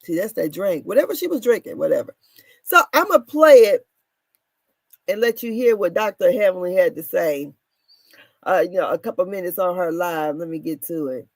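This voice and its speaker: A woman in her thirties casually recapping reality TV drama, animated and laughing, her voice swinging between loud and soft. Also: fairly low pitch, normal speed, no room sound. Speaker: commentary show host.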